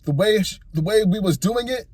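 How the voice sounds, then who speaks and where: A man's voice: high-pitched, expressive, moderate pace, darkish tone, breathy edge, dry recording, studio quality, voice pushed up. A man doing a laid-back slangy young coworker.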